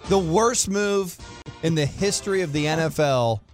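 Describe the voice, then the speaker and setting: A man's voice: fairly high pitch, moderate pace, soft background music. A man co-hosting a sports radio show, arguing his football takes bluntly and insistently. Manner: blunt, argumentative.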